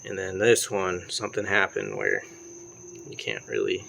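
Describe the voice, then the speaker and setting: A man's voice: low voice, very animated, normal speed, creaky, pushed and bright, slight background noise. A man casually talking through car work in his garage, loose and profane. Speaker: car vlogger. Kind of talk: casual garage vlog talk. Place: home garage.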